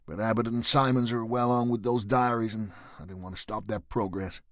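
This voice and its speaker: A man voicing a tough middle-aged detective chief who talks gruff and blunt with an edge. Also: lowish voice, fairly even intonation, fairly quick, no room sound, studio quality, close to an everyday voice. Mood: wry.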